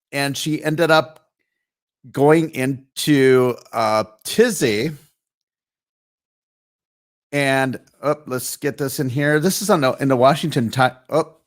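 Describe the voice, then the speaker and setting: A man's voice: mid-range voice, fairly bright tone. Rambling man hosting a live stream. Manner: rambling, chatty, with many fillers and restarts. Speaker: host of a live online show. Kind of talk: casual live-stream commentary.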